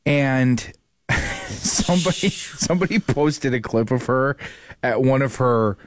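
A man's voice: medium pitch, animated, measured pace, dry recording, studio quality. Laughing man radio co-host. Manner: laughs often, rambling. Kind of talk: casual morning radio banter.

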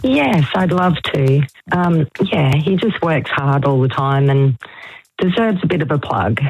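An Australian woman calling into a radio show as a proud mother, warm and emotional, laughing softly. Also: sits low, lively intonation, a little slow, breathy edge, faint music behind. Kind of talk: phone call on radio. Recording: tinny phone line.

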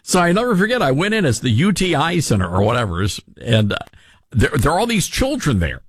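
A man's voice: on the high side, big pitch swings, fairly quick, slightly rough, no room sound, clean studio sound. A man hosting a podcast, telling a rambling, self-deprecating story in a casual chat. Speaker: podcast host.

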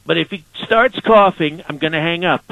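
A man's voice: on the high side, normal speed, creaky, no echo, narrow, tinny audio. A man doing a comedic impression of a boastful president who talks in repetitive superlatives. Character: boastful, brash male president, joking and self-assured. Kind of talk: comedy radio sketch.

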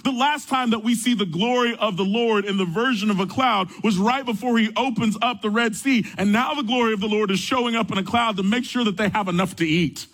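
A young adult man preaching a sermon, telling stories with animated energy. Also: brisk, few pauses, rough recording. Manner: animated storytelling, rising high when excited. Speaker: pastor.

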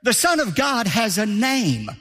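An emphatic male pastor preaching with a high, lively voice that leaps up and down. His tone is bright and forceful, and he hammers home key phrases by repeating them. The sound rings with the long reverb of a large hall. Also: measured pace. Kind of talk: sermon.

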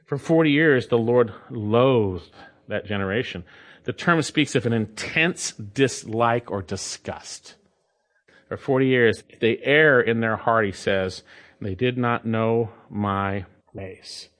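A man's voice: medium pitch, lively intonation, slow pace, fairly bright tone. A man preaching a sermon, earnest and emphatic, building up to stressed points and mimicking complainers. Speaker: pastor.

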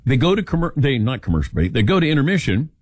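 Older man, radio show host, expressive storyteller, dry close sound. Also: medium pitch, fast, husky, no echo. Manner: animated storyteller, acting out quoted lines. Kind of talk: casual talk radio chat.

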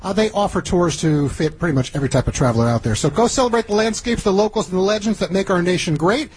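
A man's voice: high voice, quick pace, breathy edge, poor audio. A man hosting a travel radio show live, talking in an upbeat announcer manner. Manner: energetic, announcer-like.

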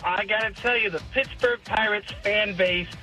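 A man's voice: high-pitched, fairly even intonation, pushed and bright, soft background music, poor audio. Earnest male caller from West Virginia. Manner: earnest, slow to get going.

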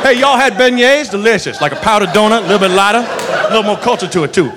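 A man's voice: sits high, expressive, quick pace, a crowd in the background, background noise. A man doing a jolly drawling southern cop. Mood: jovial. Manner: easygoing drawl, chatty.

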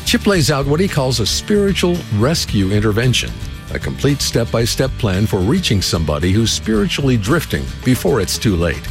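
A man reading a scripted program introduction as announcer, in a smooth promotional manner. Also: mid-range voice, very animated, normal speed. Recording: guitar music bed underneath.

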